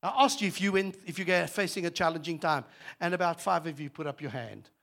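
A man preaching as a guest speaker, lively and humorous, moving between loud exhortation and quiet asides. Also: fairly high pitch, brisk, vocal fry. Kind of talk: sermon.

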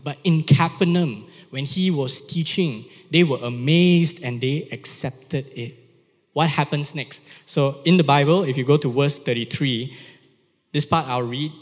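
A male pastor preaches a sermon emphatically, repeating key phrases and putting questions to his listeners. His voice is on the high side at a moderate pace, and the long reverb of a large hall is audible.

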